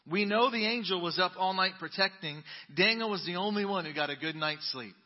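A man preaches from the pulpit in a slightly high voice, reading scripture with dramatic swings from booming lines to hushed asides. His voice rings through a long church reverb. The sound is a bit dull and muffled. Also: brisk. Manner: dramatic Bible reading with sudden loud and quiet turns. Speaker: pastor. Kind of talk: sermon. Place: church sanctuary.

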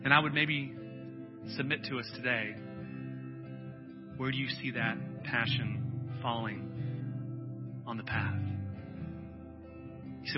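A man preaching a sermon as a pastor, telling stories in a relaxed conversational way with lots of fillers. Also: mid-range voice, slow, long pauses. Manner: conversational storytelling with frequent fillers. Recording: dull lo-fi sound with faint music.

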